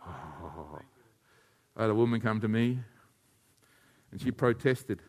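A man preaching a sermon, telling stories and speaking to listeners by name. He drops to hushed, quiet passages and then rises to loud, shouted climaxes. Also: mid-range voice, flat delivery, moderate pace. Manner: addresses listeners by name, tells anecdotes.

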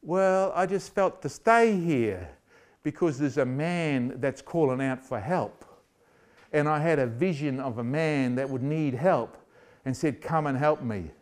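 A man's voice: a little high, a little slow, close to an everyday voice. A man voicing a steadfast apostle who earnestly explains why he stayed. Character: calm, steadfast apostle explaining his vision.

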